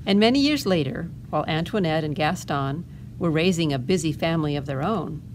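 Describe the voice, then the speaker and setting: Reading a picture book for a family storytime, a librarian with a fairly low voice frequently stops to make gentle asides to the children. A faint hiss sits under her reading.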